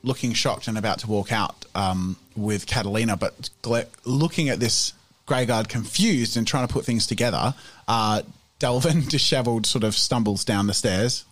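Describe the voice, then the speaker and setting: A man narrating a tabletop game as game master, acting out characters with sudden shouts. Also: on the low side, normal speed.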